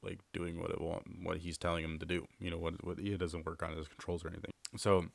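A man's voice: low-pitched, flat delivery, quick pace, creaky, no room sound. A man hosting a podcast, casually telling a long story with lots of fillers and restarts. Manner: rambling, filler-heavy, repeats himself. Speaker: podcast host.

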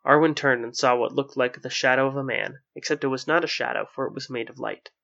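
Male narrator, mid pitch, even storybook reading, lo-fi muffled sound. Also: fast, creaky.

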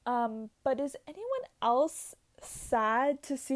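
A woman's voice: sits high, takes it slowly. A young woman chatting casually and gushing, full of "like" and "um". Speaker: vlogger. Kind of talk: casual chat.

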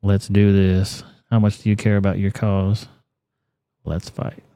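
A man's voice: lowish voice, flat delivery, unhurried, dark tone, no echo. A man hosting a casual livestream, reacting to videos and reading chat with crude, blunt, profane talk. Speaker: livestream host.

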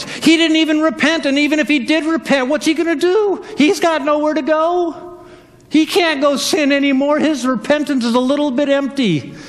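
A man preaching a lively sermon, telling stories and acting out the voices in them. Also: big-room sound. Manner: animated storytelling, acts out voices, jumps between high and low pitch. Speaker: pastor.

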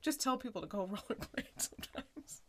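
A woman co-hosting a podcast, casually recapping a sitcom episode in an animated way, with lots of "like" and laughter. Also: on the high side, a little fast, a little hiss or hum. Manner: animated retelling, full of "like" and laughter. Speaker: podcast co-host.

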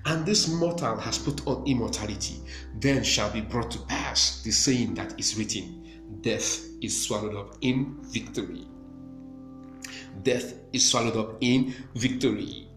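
Emphatic preacher man over guitar music. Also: mid-range voice. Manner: emphatic, repeats phrases, breaks into praise exclamations. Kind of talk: sermon. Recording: echoey room with music behind.

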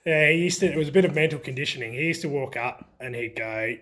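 A middle-aged man with an Australian accent, telling stories from his football days in a relaxed interview, often laughing as he talks. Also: fairly high pitch, fast. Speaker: former country footballer. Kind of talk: casual storytelling interview.

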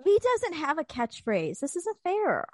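Brief: high-voiced woman, excitable ribbing game-chat energy, dry close sound. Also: unhurried, dry recording. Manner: excitable, teasing, swears freely. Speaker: co-host and player.

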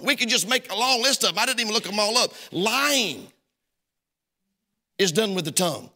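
High, lively pastor preaching in a reverberant hall. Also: male voice. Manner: folksy storytelling preacher, acts out both sides of a phone call. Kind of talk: sermon. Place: church sanctuary.

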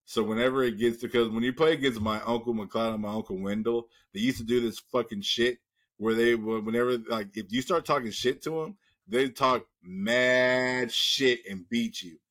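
A man's voice: medium pitch, normal speed, fairly bright tone. A man hosting a podcast, telling a long profane story in casual chat and acting out the voices of the people in it. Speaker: podcast host.

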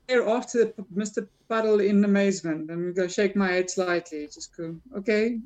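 A woman's voice: medium pitch, steady tone, normal speed, a little mellow. A woman playing a tabletop game, casually describing her character's actions. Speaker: player.

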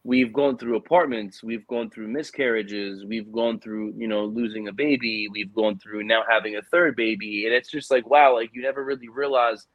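Podcast co-host, thirties, male; animated, filler-heavy storyteller, dry recording. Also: lowish voice, moderate pace, few pauses, no echo, phone-quality sound. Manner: animated storyteller, many fillers like "like" and "you know". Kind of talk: casual chat.

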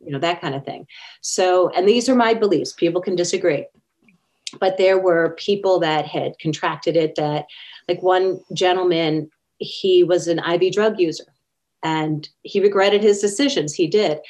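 An interview guest with a lowish, slightly mellow voice and moderate pace shares stories from her life in conversation. She speaks earnestly and performs the quotes she relays.

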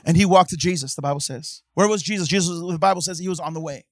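A man preaching a sermon in church, swinging from hushed talk to impassioned shouting and calling out to the congregation. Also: a little high, quick pace, dry recording, clean studio sound. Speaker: pastor.

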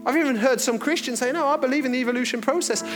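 High-voiced preacher in a reverberant hall. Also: male voice, very fast. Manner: chatty, joking, animated storyteller. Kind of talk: casual storytelling sermon. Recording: reverberant hall with faint music.

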